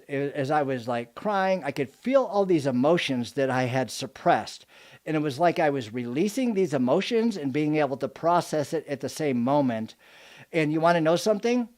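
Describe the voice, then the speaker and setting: A man giving a motivational live talk as a business coach, telling animated stories and joking with his audience. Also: fairly high pitch. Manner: animated storytelling, jokes to the audience.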